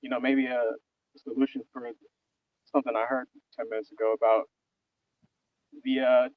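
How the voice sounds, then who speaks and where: A man calling in to a livestream who speaks quietly and hesitantly. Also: medium pitch, level tone, moderate pace, no room sound, muffled recording. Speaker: caller. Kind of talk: call-in to a livestream.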